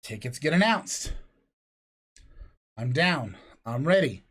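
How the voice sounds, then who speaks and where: A man's voice: mid-range voice, animated, takes it slowly, a bit bright, husky. A middle-aged man hosting a podcast from his home, telling long, profane, rambling stories in casual chat. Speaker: podcast host. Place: home room apart from co-host.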